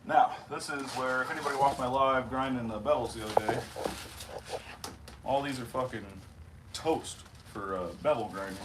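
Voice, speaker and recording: A man's voice: medium pitch, moderate pace. A man casually chatting with viewers on a livestream while he works in his workshop, swearing freely and mumbling as he goes. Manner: profane, laid-back, mumbles while working. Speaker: knifemaker livestreaming from his shop. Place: home workshop. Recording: noisy workshop livestream audio.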